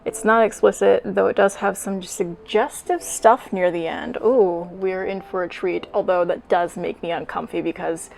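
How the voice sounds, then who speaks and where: A woman's voice: fairly low pitch, fairly even intonation, normal speed, creaky, few pauses, a little mellow, a little hiss or hum. A woman hosting a video, mixing wry, sarcastic commentary with reading a story aloud. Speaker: fanfic reading host.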